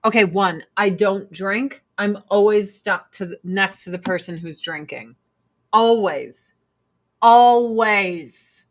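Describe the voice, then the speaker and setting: A woman's voice: mid-range voice, unhurried, few pauses. A woman vlogger ranting to camera in a blunt, profane, exasperated way while doing her makeup. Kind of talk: casual ranting chat to camera.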